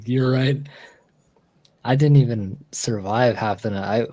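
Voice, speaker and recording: A man's voice: mid-range voice, slow, warm tone, dry recording, low-quality recording. A man streaming casually, telling a long story with lots of fillers and restarts. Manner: rambling storyteller with many fillers. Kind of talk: casual live-stream chat.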